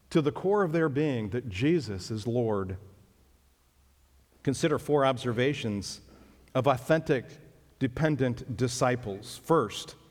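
A man preaching a sermon as pastor, emphatic and leaping up in pitch on key phrases. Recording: long reverb of a hall.

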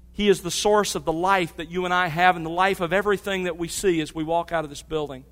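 A middle-aged male pastor with a high, slightly bright voice preaches a sermon in a church sanctuary, teaching earnestly and sharing family stories. The church hall gives the recording a long reverb.

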